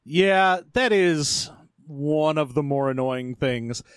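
A man's voice: on the high side, takes it slowly, clear, resonant tone, no room sound. A man co-hosting a podcast in casual chat, answering with dry, wry one-liners. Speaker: podcast co-host.

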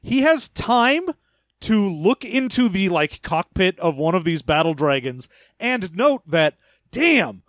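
A man's voice: high voice, sing-song, measured pace, dry recording, clean studio sound. A man co-hosting a podcast, riffing and wisecracking about a book. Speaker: podcast co-host. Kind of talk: casual comedic book discussion.

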